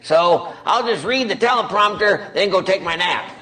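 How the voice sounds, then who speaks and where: A man's voice: high-pitched, expressive, moderate pace, sharp tone. A man playing a confused, sleepy elderly president in a comedy sketch. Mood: drowsy. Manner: bumbling, dozy, bewildered. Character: doddering confused old male president.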